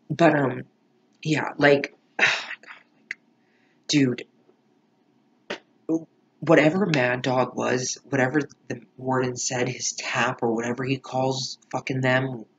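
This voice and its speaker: A man's voice: medium pitch, vocal fry, fairly bright tone, husky, lo-fi sound. A man giving a rambling, profane, emphatic reaction commentary on a TV episode. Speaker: show reaction vlogger.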